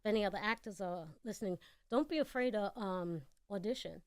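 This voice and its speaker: New york lady guest on a radio show, blunt and candid, dead dry studio sound, middle pitch. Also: fairly quick, darkish tone, dry recording. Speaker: guest actor. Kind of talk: casual interview chat.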